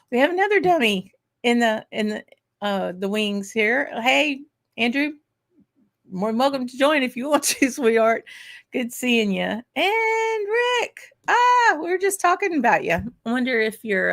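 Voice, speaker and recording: A woman's voice: mid-range voice, gravelly, fairly bright tone. A woman hosting a whisky livestream, chatty and bubbly, greeting viewers by name with lots of "y'all". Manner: chatty and bubbly, frequent "um" and "y'all", bursts of laughter. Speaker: host of a whisky livestream show. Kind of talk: casual livestream welcome and chat shout-outs.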